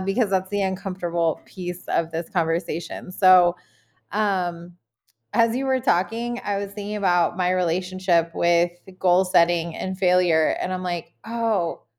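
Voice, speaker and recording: Woman, 30s, podcast co-host; frank, animated, casual talk with swearing. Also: on the low side. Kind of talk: candid casual chat.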